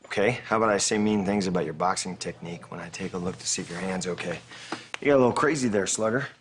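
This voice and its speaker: An actor plays a kind, steady friend in a television drama, gentle and lightly teasing. His voice is very deep and unhurried in its reassurance. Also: noisy background, natural voice. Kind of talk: TV drama acting.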